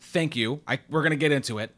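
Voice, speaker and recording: A man hosting a casual film podcast, animated and self-deprecating, swearing freely. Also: a little high, fast. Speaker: podcast host.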